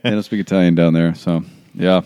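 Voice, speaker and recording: A man hosting a casual chat, telling relaxed stories with plenty of fillers. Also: low voice, brisk, clear, resonant tone, no echo, clean studio sound. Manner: relaxed, chatty storytelling with fillers. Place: in Rome, Italy.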